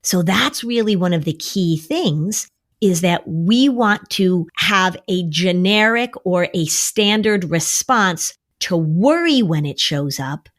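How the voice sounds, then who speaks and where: Woman therapist explaining worry, animated. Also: fairly low pitch, slow pace. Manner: animated, acts out quoted voices of worry and kids. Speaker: therapist and podcast host. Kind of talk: podcast conversation.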